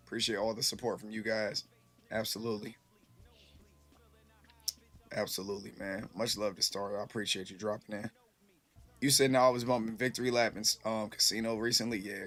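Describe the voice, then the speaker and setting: A man's voice: medium pitch, fairly bright tone. A man casually chatting with his live-stream viewers, rambling loosely and swearing freely, a little tipsy.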